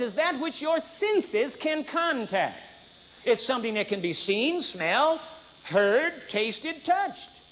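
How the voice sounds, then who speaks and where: A man preaching an emphatic, repetitive sermon at a conference, building to high exclamations. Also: fairly bright tone. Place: conference hall.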